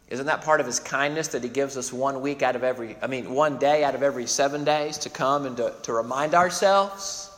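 A man's voice: fairly high pitch, bright, forceful tone, big-room sound. A man preaching a sermon, expounding scripture with emphatic swells and sudden drops in volume. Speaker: pastor.

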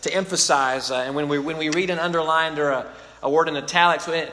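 Guy preaching a sermon, kinda high voice, earnest, keeps restarting, big echoey church hall. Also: steady tone, fast talker, sharp tone, a little hiss or hum. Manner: earnest, emphatic, with frequent restarts. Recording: long reverb of a large hall.

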